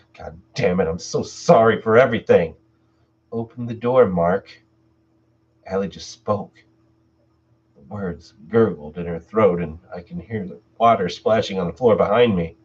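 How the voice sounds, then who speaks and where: A man's voice: low voice, a little mellow, a little hiss or hum. A man hosting a live stream, reading horror stories aloud and chatting casually with viewers between them. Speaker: channel host and story narrator. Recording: distant mic, dull lo-fi sound.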